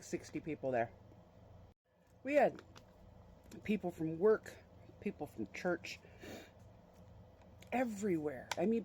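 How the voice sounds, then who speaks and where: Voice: medium pitch, mellow, a little hiss or hum. Brief: a casual vlogger, chatty and fond, with a mid-range voice. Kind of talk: casual storytelling.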